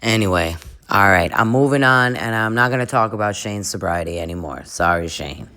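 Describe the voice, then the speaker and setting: A woman's voice: a bass voice, fairly quick, pushed and bright. A woman giving comedic reaction commentary on a reality show, chatty, with crude jokes and frequent laughs. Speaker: commentary vlogger.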